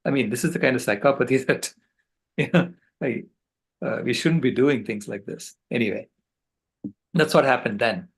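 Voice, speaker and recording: An older man on a video call, giving a passionate, earnest storytelling talk with halting restarts. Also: mid-range voice, creaky, slightly rough, rough recording. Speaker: conference speaker.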